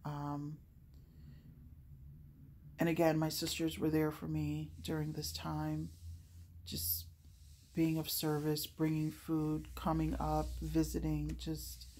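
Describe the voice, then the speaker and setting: A woman's voice: deep voice, darkish tone, a little hiss or hum. Heartfelt woman telling her faith story. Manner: earnest, heartfelt, with frequent fillers. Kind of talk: personal testimony.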